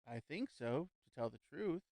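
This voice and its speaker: A man voicing a young gentleman who speaks in a composed, lightly amused way. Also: medium pitch, animated, normal speed, creaky, dry recording. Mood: calm. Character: young gentleman, calm, wry and unshaken.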